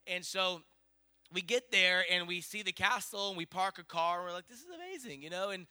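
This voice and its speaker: A middle-aged man preaching, telling a story in an animated, excitable way. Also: sits high, normal speed, clear, resonant tone. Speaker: pastor. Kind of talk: sermon storytelling.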